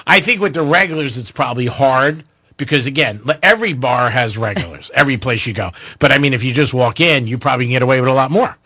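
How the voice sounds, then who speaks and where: A man's voice: mid-range voice, expressive, fast, sharp tone, no echo, studio quality. A man co-hosting a radio show, reacting with exclamations and riffing in joking asides. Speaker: radio co-host. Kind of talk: casual radio banter.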